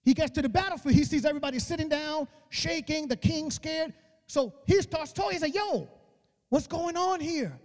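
A male preacher giving an emphatic, colloquial sermon, acting out dialogue and rising to shouts. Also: very high-pitched, a little fast. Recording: long reverb of a church hall.

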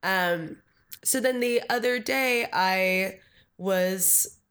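A woman's voice: mid-range voice, extremely slow, a bit bright. A woman in her thirties, a political candidate, talking casually in an interview with many fillers and acted-out quotes. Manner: chatty, many fillers, acts out quoted talk. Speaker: Green Party candidate. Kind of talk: conversational interview.

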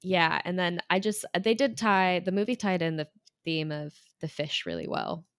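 A woman in a casual chat, agreeable and halting, with many fillers. Her voice sits low for a woman and has a lot of fry and gravel. The recording is close and dry. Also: expressive, dry recording.

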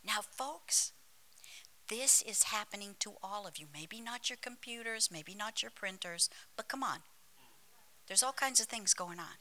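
A woman's voice: medium pitch, expressive, measured pace, bright, forceful tone, low-quality recording. A woman pastor delivering a sermon in church. She is emphatic, drops into dramatic whispers and tells humorous stories while calling out to the congregation. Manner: storytelling with humor, calls to the congregation.

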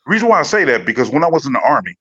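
Illinois guy on the podcast, plain steady talk, kinda muffled audio. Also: medium pitch, very fast, a crowd in the background. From Peoria, Illinois. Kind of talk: casual podcast chat.

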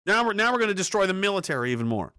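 Profane, sarcastic ranting man, bright voice. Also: high-pitched, very animated, racing, clean tone, dry recording, clean studio sound. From Canada. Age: adult, ex-soldier. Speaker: commentary host. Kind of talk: ranting political commentary.

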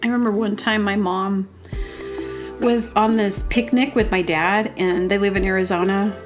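A woman hosting a podcast, telling comic personal stories in a rambling, animated way and acting out quotes in exaggerated voices. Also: mid-range voice, moderate pace. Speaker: podcast host. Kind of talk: casual comedic storytelling. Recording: music playing behind.

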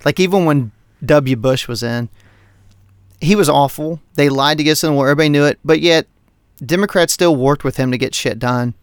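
A man's voice: a little high, normal speed, clear, resonant tone, no echo, studio quality. Heated, profane man ranting. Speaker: podcast co-host. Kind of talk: casual political rant.

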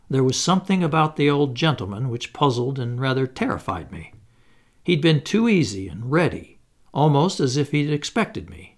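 A man narrating an audiobook in a measured storytelling manner. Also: medium pitch.

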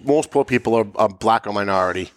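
A man hosts a political talk show in a lowish voice at a quick pace, captured in a dry, studio-quality recording. He speaks emphatically, pushing his voice up sharply into mocking peaks whenever he makes a point in this political commentary.

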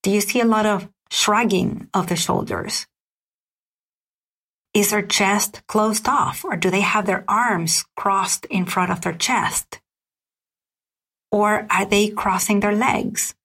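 A woman hosting a solo podcast, calmly walking listeners through a list of questions at a measured pace. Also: mid-range voice, breathy edge. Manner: calm, measured, lists questions one by one. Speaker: podcast host. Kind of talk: scripted solo podcast teaching.

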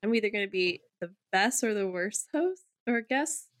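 A woman's voice: mid-range voice, lively intonation, normal speed. A woman, a guest on a podcast, chatting casually; she sounds nervous, laughs often and runs herself down. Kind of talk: casual chat.

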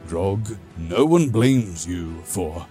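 Brief: narrator doing a forceful dwarf lawman, deep and measured. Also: animated, faint music behind, full character voice. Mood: solemn. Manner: forceful, commanding. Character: stern male dwarf lawkeeper, commanding.

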